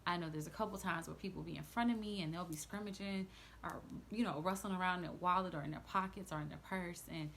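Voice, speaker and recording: A woman's voice: on the low side, fast, vocal fry, fairly bright tone, a little hiss or hum. A woman sharing her faith testimony in an earnest, chatty vlog, full of casual fillers and close to tears at times.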